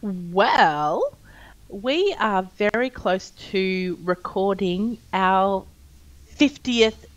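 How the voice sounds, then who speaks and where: A woman's voice: mid-range voice, lively intonation, drawn-out words, dull audio. A woman co-hosting a casual gaming chat, teasing her partner with dry humor. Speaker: co-host of a gaming channel. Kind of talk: casual banter.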